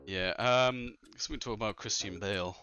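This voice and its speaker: A man co-hosting a casual film review chat, animated, with lots of fillers and mocking impressions. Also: fairly low pitch, moderate pace, dull audio. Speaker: podcast co-host.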